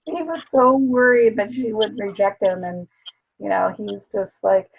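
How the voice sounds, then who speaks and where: A woman's voice: mid-range voice, steady tone, a little slow, vocal fry, slight background noise. A woman co-hosting a casual book club chat, rambling with plenty of fillers, recorded on a dull lo-fi mic.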